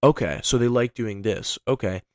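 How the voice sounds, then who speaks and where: A man coaching on sales in an energetic, conversational way, often tagging his points with "right?". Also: medium pitch, normal speed, no room sound, studio quality.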